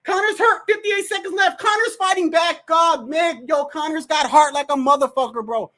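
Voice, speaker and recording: This stream host has a very high voice and a moderate pace, delivering excitable live commentary on a fight with frequent exclamations, unfiltered swearing and remarks aimed straight at the fighters and referee. They read viewer messages aloud.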